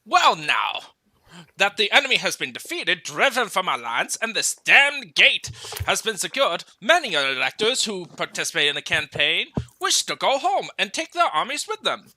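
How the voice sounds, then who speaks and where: A man voicing a loud, eccentric mad old duke in a put-on Scottish accent, reading a fanfic aloud with friends. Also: high-pitched, sing-song, moderate pace, hardly any pauses, no room sound, voice pushed down, heavily acted. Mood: boisterous. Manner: attempted Scottish accent, boisterous.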